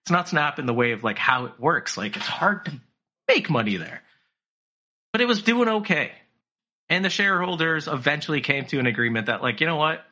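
A man's voice: on the high side, sing-song, brisk, pushed and bright. A man chatting casually on a podcast, telling a story with lots of profanity and slipping into mocking voices for the people he quotes.

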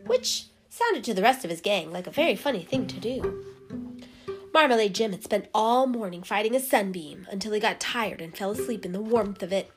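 A woman reads a children's animal story aloud in a lively, expressive storyteller's voice. Her pitch sits in an ordinary middle range. Music plays clearly underneath her reading. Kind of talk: storybook narration.

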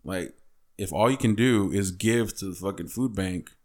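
Man, somewhat low voice, casual chat, blunt, profane, joking. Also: normal speed, a little mellow.

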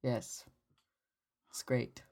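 A woman co-hosting a podcast in casual comedic banter, quick with dry, mock-serious comebacks. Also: mellow, a little hiss or hum. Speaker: podcast co-host.

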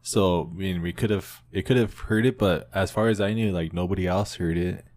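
A young man with a deep, low voice speaks in a casual podcast conversation. He rambles through his account, leaning on "like" and starting sentences over. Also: moderate pace, darkish tone. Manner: rambling, filled with "like" and restarts. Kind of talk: casual storytelling chat.

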